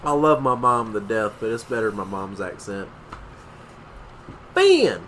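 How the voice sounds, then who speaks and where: A man's voice: lowish voice, fairly quick. A young man co-hosting a casual podcast, laid-back and swearing casually. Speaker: podcast co-host. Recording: audible air conditioning hum.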